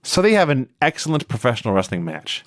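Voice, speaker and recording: A man's voice: fast, no echo. Guy on a podcast doing a wry recap, voice bounces up and down a lot, dry close sound. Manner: wry, laughing recap with lively swings in pitch. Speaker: podcast co-host recapping wrestling. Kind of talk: casual chat.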